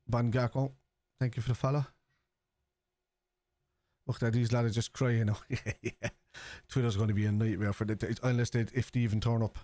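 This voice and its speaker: A man's voice: medium pitch, a little mellow, no room sound. Chatty Scouse man hosting a live stream. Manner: chatty, reads chat aloud and answers it. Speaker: streamer hosting a football watchalong. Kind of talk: live stream chat with viewers.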